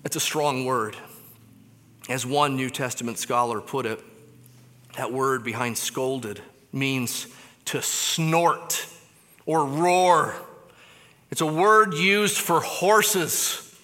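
Bright-voiced preacher in an echoing hall. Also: male voice, takes it slowly, long pauses. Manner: dramatic swings between loud emphasis and hushed low phrases. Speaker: pastor. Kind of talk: sermon. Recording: long hall reverb.

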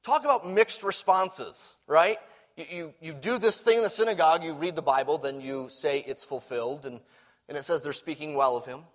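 A preacher with a voice on the high side gives a lively sermon, alternating between loud emphasis and hushed asides. Now and then he repeats words as he starts a line over.

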